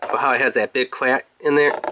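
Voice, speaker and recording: A man's voice: medium pitch, fairly even intonation, fairly quick, sharp tone, a little hiss or hum. A man casually reviewing a toy in a rambling, playful, chatty way.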